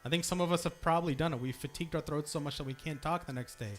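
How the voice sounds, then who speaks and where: This young man races along in a fairly high voice, soft music behind him. He leads singing at a temple hall, where he teaches the congregation how to hold long notes, demonstrating and cheering them on.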